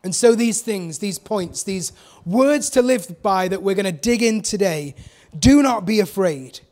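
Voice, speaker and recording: Male preacher, high voice, lively sermon delivery with questions to the room. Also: a little slow. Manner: animated, acts out quoted voices, asks the congregation questions.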